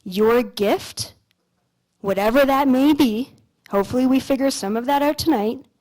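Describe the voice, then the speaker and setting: Casual, lively woman speaking on stage. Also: high-pitched, normal speed. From Canada. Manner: casual, animated storytelling with frequent "like" and mild swearing. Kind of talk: motivational stage talk with storytelling. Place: stage at a large expo hall.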